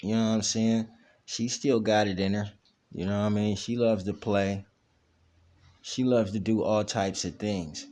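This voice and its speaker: Low-pitched man hosting a home dog vlog on camera, rambling and casual, asking "you know what I mean" a lot. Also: a little mellow. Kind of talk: casual chat. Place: at home, indoors.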